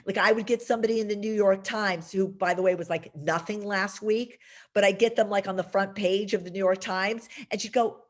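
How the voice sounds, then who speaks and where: A woman's voice: medium pitch, fairly even intonation, brisk. A woman teaching a class as a career coach, emphatic and chatty, speaking straight to her students.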